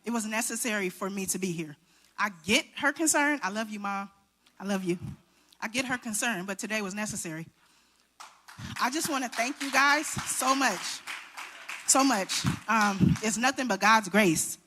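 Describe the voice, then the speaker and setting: A woman's voice: mid-range voice, normal speed, background noise. A woman in her thirties giving an emotional acceptance speech, nervous and shaking as she talks straight to the crowd. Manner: nervous, shaky, heartfelt, talks to the crowd directly. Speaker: award recipient giving a speech.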